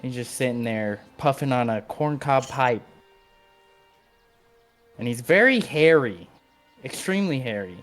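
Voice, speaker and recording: Guy game-mastering, kinda rambly with likes and ums, mid pitch, faint music behind. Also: expressive, unhurried, pauses often, a bit bright. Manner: loose, filler-heavy description. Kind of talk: narrating a tabletop game.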